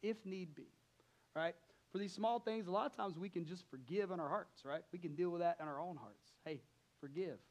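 A man's voice: high-pitched, a little fast. A man preaching a sermon as pastor, conversational, often asking the congregation questions and acting out his own thoughts, sometimes dropping to a near whisper.

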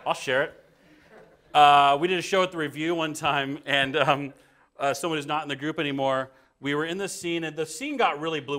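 Animated male improv panelist. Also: medium pitch. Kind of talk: conversational panel talk.

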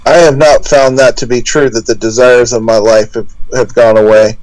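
A man in a Bible study group candidly sharing his own reflections, halting and using fillers. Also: mid-range voice, steady tone, a little mellow, rough recording.

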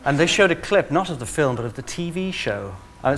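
A man's voice: big pitch swings, brisk, few pauses. Giggly camp man on a talk show. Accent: English. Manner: camp, giggly, jumps into squeaky high voices for quotes. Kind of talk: comic anecdote on a talk show. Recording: studio audience laughing loudly, noisy broadcast.

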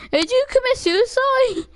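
A woman streaming a live game, chatting with teammates in casual slang and shouting urgent commands when excited. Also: very high-pitched, dry recording. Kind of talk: live gameplay chat with teammates.

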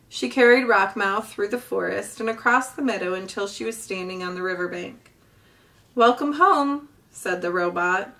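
A woman reading a children's novel aloud with gentle, expressive storytelling. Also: medium pitch, far from the mic. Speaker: storybook reader.

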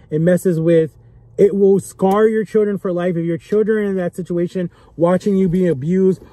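A man's voice: high-pitched, mellow, no echo. A young man talking straight to camera in an impassioned vlog, earnest and pleading, repeating himself for emphasis and emotional as he speaks. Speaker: vlogger. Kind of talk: impassioned direct-to-camera talk.

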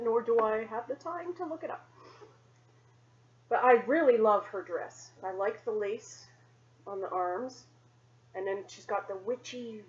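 A woman vlogger chats at home in a slightly high voice. She rambles and pokes fun at herself. The recording is dull and lo-fi. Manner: chatty, rambling, self-deprecating. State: sweaty after cleaning. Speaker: doll-collecting vlogger. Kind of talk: casual show-and-tell vlog. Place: home condo.

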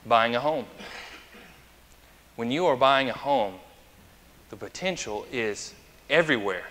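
A man's voice: medium pitch, animated, measured pace, fairly bright tone. A male pastor preaching a conversational sermon, chatty and anecdotal, who asks the congregation questions. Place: church sanctuary. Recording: long church reverb.

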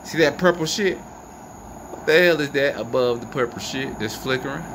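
A man filming the night sky on his phone outdoors, giving excited and profane running commentary to his viewers. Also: medium pitch, moderate pace, gravelly. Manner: animated, profane, incredulous, talks to viewers. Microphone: phone camera. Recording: noisy outdoor phone recording. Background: crickets and insects, passing vehicles.

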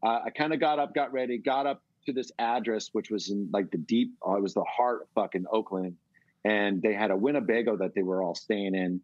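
A middle-aged man from California, telling a long, animated story as a guest in a casual interview. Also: lowish voice, brisk, no room sound, highs cut off. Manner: rambling, animated storytelling with swearing. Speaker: guest musician.

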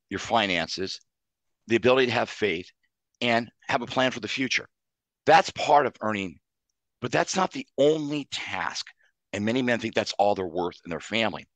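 A man's voice: medium pitch, fairly bright tone, no room sound. A man, a psychologist and author, giving earnest interview answers and explaining ideas in numbered lists.

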